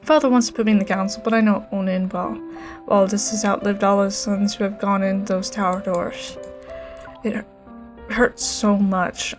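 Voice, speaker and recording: A woman reading the lines of a heartbroken, bitter young male dragon rider in a game, in a subdued, halting way, with faint game music behind. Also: mid-range voice, a little mellow, close to an everyday voice.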